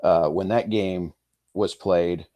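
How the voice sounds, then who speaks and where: Low-voiced coach, rambling and dry. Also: male voice, steady tone, takes it slowly, dark tone, dry recording. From Kansas. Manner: rambling, many fillers and restarts. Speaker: high school football coach. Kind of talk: casual podcast interview.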